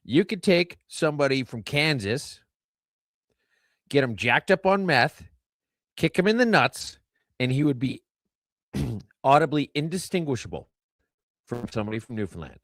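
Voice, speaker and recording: A man co-hosting a podcast, telling wry jokes in a dry, unhurried way. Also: medium pitch, expressive, a bit bright, dry recording. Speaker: podcast co-host. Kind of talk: deadpan comic monologue and banter.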